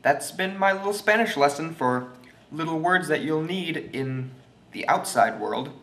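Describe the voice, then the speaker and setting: A young man giving a jokey, mock language lesson, goofy and deliberate and unsure of his own facts. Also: a little high, lively intonation, a bit bright. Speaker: self-styled language teacher. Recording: roomy echo.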